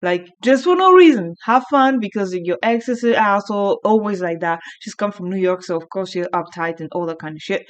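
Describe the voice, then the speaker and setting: A woman's voice: medium pitch, expressive, a little fast, few pauses. A woman vlogger chatting casually, frank, crude and rambling. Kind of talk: casual unscripted chat. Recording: muffled lo-fi sound.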